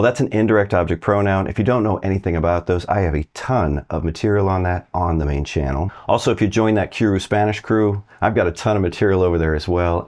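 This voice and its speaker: Low-voiced casual male language teacher. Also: darkish tone. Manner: friendly, chatty, asks viewers to try translating. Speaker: Spanish teacher. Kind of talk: casual online language lesson.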